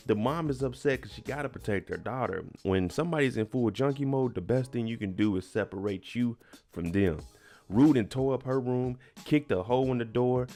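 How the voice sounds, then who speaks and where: As a TV recap host, this man chats his way through an episode, retelling it emphatically with slang and little laughs. His mid-range voice has a dark tone and moves fairly quickly.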